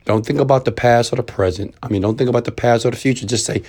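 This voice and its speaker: A man's voice: mid-range voice, quick pace, breathy edge. Emphatic man giving a motivational pep talk. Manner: preachy, emphatic, swings from loud urging to quiet intimacy. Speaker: motivational speaker. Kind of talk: motivational monologue.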